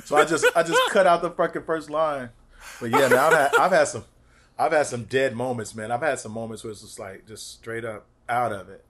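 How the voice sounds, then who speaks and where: A man, a comedian and actor, telling stories as a podcast guest, animated and profane, acting out quotes and laughing often. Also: mid-range voice, a little fast, crowd noise. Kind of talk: casual chat, storytelling.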